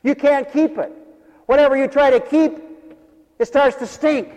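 Folksy high-voiced preacher man, hall echo. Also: fairly even intonation, normal speed, a little mellow, lo-fi sound. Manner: folksy, joking, calls for amens. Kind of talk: humorous revival sermon.

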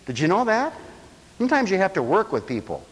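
A high-voiced man preaching with great animation, his pitch leaping up and down as he tells stories and mimics the people in them. His voice rings out with a long reverb, as in a church hall. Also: brisk. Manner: animated storyteller, acts out quoted voices, laughs often. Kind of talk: lively sermon with stories.

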